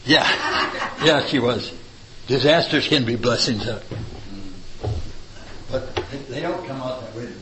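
A man tells a story in a loose, rambling way, filling gaps with "uh" and restarting his sentences. His voice sits in an ordinary middle pitch. A faint hiss runs under the recording. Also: measured pace, pauses often. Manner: rambling, full of fillers and restarts. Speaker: church member sharing a testimony. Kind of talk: casual storytelling.

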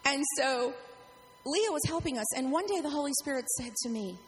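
A middle-aged woman pastor telling a story in a sermon, acting out the quotes with lively animation. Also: high voice, a little fast. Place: church sanctuary. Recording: echoey hall, faint hum.

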